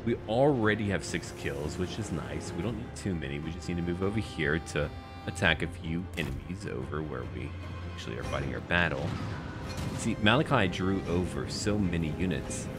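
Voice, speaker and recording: Man, low voice, swinging pitch, cocky game commentary, trash-talking enemies. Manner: playful, boastful trash-talk of enemies. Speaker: gaming YouTuber. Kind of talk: roleplay campaign commentary.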